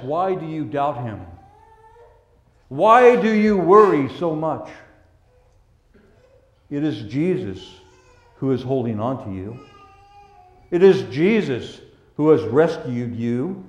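A man preaching a sermon in a gentle, pastoral way, dropping to hushed tones and then rising to emphatic lines. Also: fairly high pitch, roomy sound. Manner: gentle, pastoral, swinging between soft hushed passages and raised emphatic ones.

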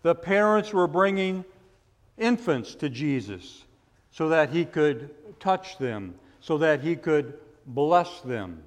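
A man preaching a sermon, asking rhetorical questions and building to forceful emphasis. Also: fairly high pitch, expressive, slow pace, big-room sound. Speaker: pastor.

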